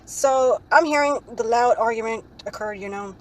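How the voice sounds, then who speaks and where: High-voiced young woman telling a rambling story. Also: normal speed, poor audio. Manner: rambling, ends phrases with "right?" tag questions; frequent "like, um" fillers. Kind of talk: casual storytelling vlog.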